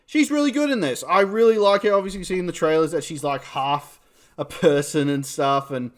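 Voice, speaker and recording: A man's voice: fairly high pitch, brisk. A man with a New Zealand accent, casually reviewing a film, rambling and swearing as he talks. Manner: rambling, swears, laughs at himself. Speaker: movie reviewer.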